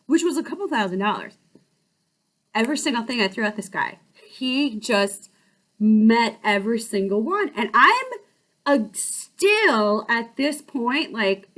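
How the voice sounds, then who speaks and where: Her voice a little high, the host of a life-coaching channel shares a story from her own life. The telling is relaxed and lively, with frequent quick restarts.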